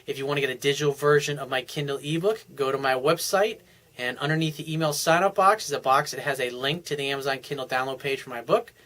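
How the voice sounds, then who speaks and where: Bright-voiced blunt male dating coach. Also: mid-range voice, fairly even intonation, quick pace. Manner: blunt, conversational, with mild swearing. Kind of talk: casual video newsletter monologue.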